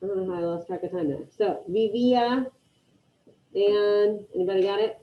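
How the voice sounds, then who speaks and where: A woman's voice: medium pitch, normal speed, phone-quality sound. A woman teaching an online Spanish class, encouraging her students and calling on them by name.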